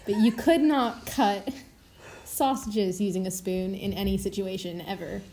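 A woman chats on a video call and teases in a dry, matter-of-fact way. Her voice is mellow and mid-pitched. Faint background noise sits behind it. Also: measured pace. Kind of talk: casual group chat on a video call.

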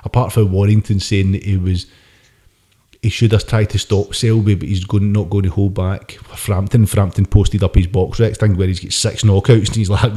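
A man's voice: fairly low pitch, steady tone, moderate pace, warm tone. A man co-hosting a podcast, chatting and ranting about boxing with lots of swearing. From United Kingdom. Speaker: podcast co-host. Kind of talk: casual boxing chat.

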